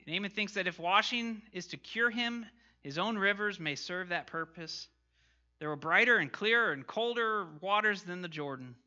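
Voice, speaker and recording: A man's voice: high-pitched, sharp tone, highs cut off. A man teaching an interactive Bible lesson, questioning his class and reading scripture aloud.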